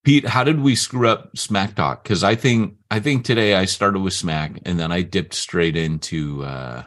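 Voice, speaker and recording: A man's voice: sits low, fairly bright tone. A man co-hosting a podcast, joking around and steering the casual chat. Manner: joking, quick to laugh, jumps in with quips. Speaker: podcast co-host.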